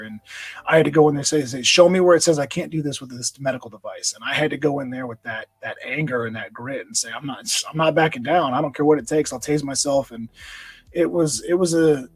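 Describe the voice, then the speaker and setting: A man's voice: mid-range voice, quick pace, slightly rough, low-quality recording. A man guesting on a podcast, telling an emotional personal story in an earnest, intense way, often repeating words when stirred. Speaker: podcast guest, nonprofit founder.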